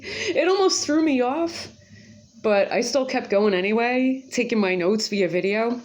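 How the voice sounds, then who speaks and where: A woman's voice: fairly high pitch, big pitch swings, unhurried. A woman rambling casually to camera in a vlog. She talks in a slangy, profane way with lots of asides. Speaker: vlogger. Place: home kitchen.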